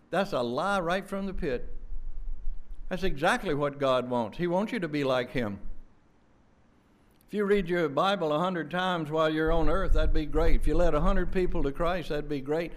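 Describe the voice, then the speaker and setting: A man preaching a sermon in an emphatic, fervent way, repeating words and restarting with quick stammers. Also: on the high side, animated.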